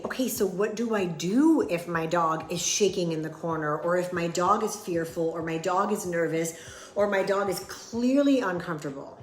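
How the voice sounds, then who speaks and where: A woman's voice: medium pitch, echoey room. A woman dog trainer giving earnest, plain-spoken advice and acting out sample replies. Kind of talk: instructional talk to camera.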